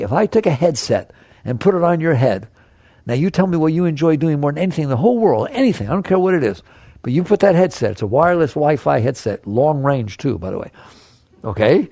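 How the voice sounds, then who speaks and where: Gravelly man giving a spiritual talk. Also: a little high, darkish tone, no room sound. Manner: conversational, asks the audience questions, playfully acts out the mind's chatter. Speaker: spiritual teacher. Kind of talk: spiritual talk to a live audience.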